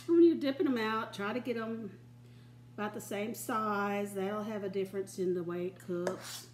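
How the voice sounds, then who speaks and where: A woman's voice: mid-range voice, a little slow, a little mellow, reverberant, slight background noise. An older woman hosting a home cooking show, chatting in a folksy way and giggling often. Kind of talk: casual home cooking demonstration. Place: home kitchen.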